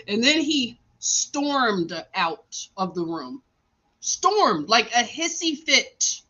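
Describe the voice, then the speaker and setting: A woman with a high, slightly bright voice, its highs cut off, live streams from a hospital room. She tells a story in chatty, casual conversation, laughing often and acting out what people said.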